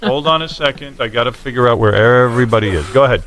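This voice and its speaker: A radio host running a quick tech check with his crew, impatient and directing people. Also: mid-range voice, a bit bright. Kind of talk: casual studio tech check. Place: radio studio.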